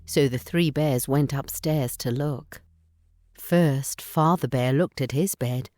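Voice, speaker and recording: A woman narrating a bedtime story in a slow, gentle, expressive reading. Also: rumbling low, no echo, clean studio sound.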